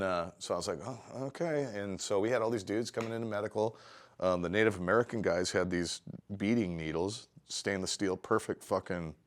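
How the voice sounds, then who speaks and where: A middle-aged man, a tattoo artist, telling rambling, profane stories in a casual interview. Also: deep voice. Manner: profane, rambling, animated storytelling.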